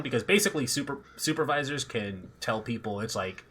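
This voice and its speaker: Bright, curt-sounding man telling stories. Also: mid-range voice, lively intonation, fairly quick, breathy edge. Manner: voice that sounds curt, short and sarcastic; barking, drill-sergeant edge. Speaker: airport security officer telling a work story. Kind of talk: casual chat among players.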